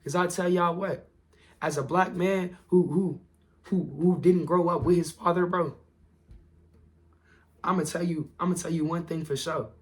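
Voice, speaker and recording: Young guy hyping up his viewers, calls everyone bro, kinda high voice, going a bit hoarse. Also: steady tone, unhurried, long pauses. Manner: earnest, repetitive, slangy, calls listeners bro. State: losing his voice. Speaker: motivational vlogger. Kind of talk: casual motivational talk.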